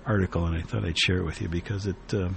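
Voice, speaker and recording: A man hosting a radio talk show, reading a newspaper column aloud in an earnest, reflective way with many pauses and fillers. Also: sits low, steady tone, gravelly, a little hiss or hum.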